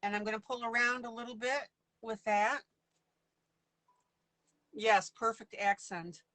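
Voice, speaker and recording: A chatty woman teaches coloring on a live stream, taking her time with each step. Her voice is bright and a little high, and the sound is dry and close. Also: steady tone, unhurried, no echo, rough recording. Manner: chatty and playful, laughs often.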